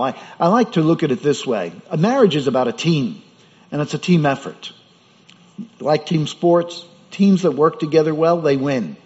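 A man's voice: fairly high pitch, darkish tone. A man preaching a sermon as pastor, in a conversational way with rhetorical questions. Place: church. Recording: dull sound with hall reverb.

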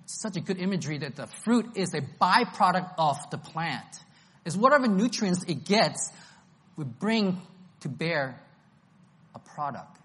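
A man's voice: sits high, big pitch swings, unhurried, sharp tone. A man preaching an expository Bible-study sermon, emphatic and enthusiastic, repeating his key phrases.

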